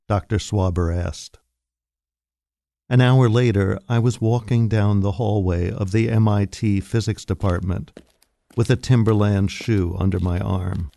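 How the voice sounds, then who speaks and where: A man reading a short story aloud in a slow, deliberate, wry manner, recorded at a studio microphone. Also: lowish voice, creaky, dark tone, no room sound. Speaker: reader. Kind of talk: scripted narration of short fiction.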